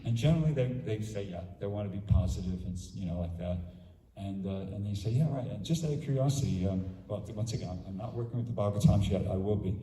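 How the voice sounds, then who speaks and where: A man's voice: fairly low pitch, fast, mellow. A man giving an informal workshop talk, chatty and acting out his own conversations with people, heard from a distance. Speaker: workshop speaker. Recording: roomy hall, mic at a distance, faint noise.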